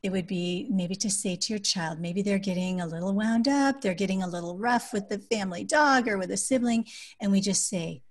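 Speaking a little fast at medium pitch, the adoptive mother and author illustrates her parenting ideas with practical cases during a podcast interview. Her voice drops gently and calmly when she repeats lines meant for a child.

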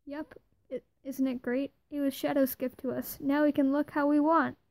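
A woman's voice: high voice, little pitch movement, normal speed, gravelly, darkish tone, no room sound. A woman reading as an eager, cheerful young man. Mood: excited. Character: cheerful young man showing off a new look.

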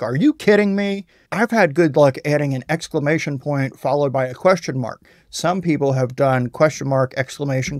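A tutorial host narrates a software voice-over plainly and explanatorily, with a self-deprecating touch. His mid-range voice is recorded on a close mic with no echo.

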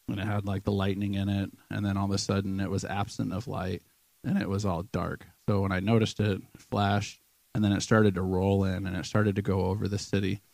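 A man's voice: low voice, gravelly, a little mellow, no room sound. A man giving an informal sermon testimony at church, earnest and conversational, with many ums and restarts. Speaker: church member sharing a vision.

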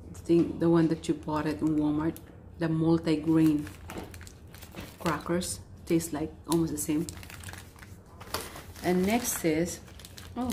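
A woman vlogger chatting casually while she tastes snacks, unhurried and talking between bites. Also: low voice, a little mellow, a little hiss or hum. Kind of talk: casual food-tasting vlog.

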